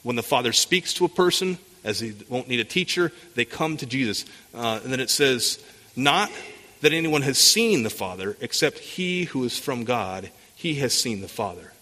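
Bright-voiced man preaching in a hall. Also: mid-range voice, animated, moderate pace. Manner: expository preaching with rhetorical questions; frequent restarts and repeated words. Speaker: pastor. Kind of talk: sermon. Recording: long hall reverb.

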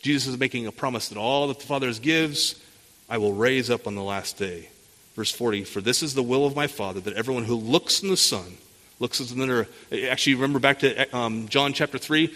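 Male preacher, bright tone, sermon in a church sanctuary, asks rhetorical questions, stumbles and restarts, reverberant hall. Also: mid-range voice. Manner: frequent restarts and repeated words. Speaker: pastor.

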